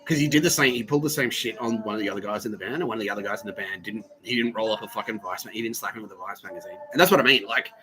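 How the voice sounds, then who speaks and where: A man's voice: on the low side, racing, hardly any pauses, low-quality recording. A man hosting a podcast. He tells a rambling, profane story with frequent laughs and restarts. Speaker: podcast host. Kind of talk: casual storytelling monologue.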